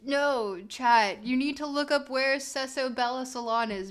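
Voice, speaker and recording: With a high voice and a measured pace with few pauses, a woman streams a geography game, reading chat aloud and answering it with laughter and mock outrage. It's casual commentary on her game stream.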